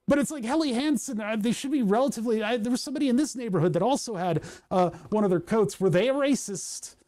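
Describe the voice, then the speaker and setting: A man's voice: very high voice, fast talker, few pauses, dark tone. A man from Pennsylvania livestreaming, chatting casually and rambling while reading his chat aloud. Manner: rambling, self-deprecating, reads chat aloud. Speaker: streamer.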